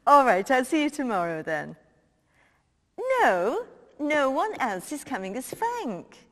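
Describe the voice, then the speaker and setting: Comic sketch: woman as a cheeky, foul-mouthed minister on the phone, high and bouncy, heavy reverb. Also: wildly swooping pitch, slow pace, fairly bright tone, exaggerated voice. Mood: breezy. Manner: blunt and swearing, breezy phone chatter. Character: brash, cheeky middle-aged female cabinet minister. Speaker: comedian. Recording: long hall reverb.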